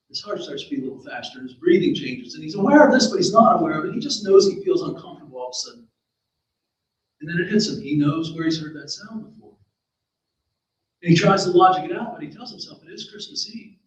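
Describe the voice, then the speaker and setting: Man, folksy storyteller, higher voice, distant mic, heavy room echo. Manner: folksy, asides to the audience. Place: library event space.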